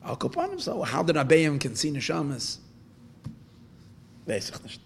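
A man teaching a Torah lesson through a story. He talks in a halting way with frequent restarts, and he asks questions and then answers them himself. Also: a little high, huge pitch swings, creaky, a little hiss or hum.

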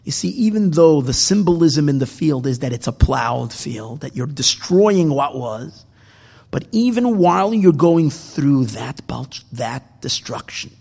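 A man teaching a Torah class as a sermon, swinging from loud emphatic bursts to hushed near-whispers. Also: mid-range voice, gravelly, slightly rough, big-room sound.

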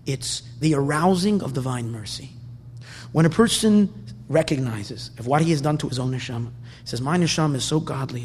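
A man giving an impassioned sermon, moving from soft, quiet stretches to loud, emphatic bursts and often repeating words. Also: on the high side, slightly rough. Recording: long hall reverb.

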